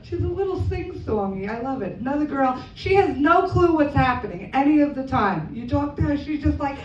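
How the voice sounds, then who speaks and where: A woman's voice: high-pitched, expressive, normal speed, slight background noise. A woman performing a stand-up comedy set, self-deprecating, acting out characters in quoted voices. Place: comedy club stage. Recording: echoey, distant, muffled live club sound.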